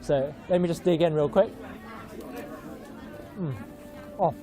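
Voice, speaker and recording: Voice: mid-range voice, fairly even intonation, brisk. A young adult reporter from northern China gives a friendly, chatty live walking tour, with many fillers. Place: busy outdoor market street in an old town. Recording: crowd and music outdoors.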